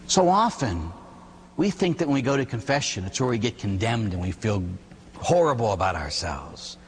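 A Catholic priest giving an animated sermon, telling stories and asking rhetorical questions. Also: male voice, mid-range voice, normal speed, in a large hall, a little hiss or hum.

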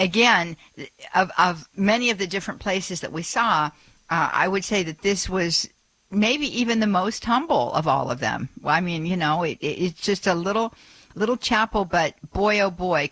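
A woman's voice: on the low side, expressive, moderate pace, fairly bright tone, no echo, low-quality recording. A middle-aged woman hosting a call-in radio show, chatty and full of fillers and small laughs. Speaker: radio host.

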